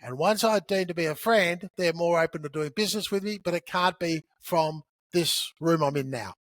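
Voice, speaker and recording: A man on a podcast as a guest, teaching sales in an animated, conversational way and acting out bits of dialogue. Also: on the high side, moderate pace, no room sound. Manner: animated storyteller who acts out dialogue.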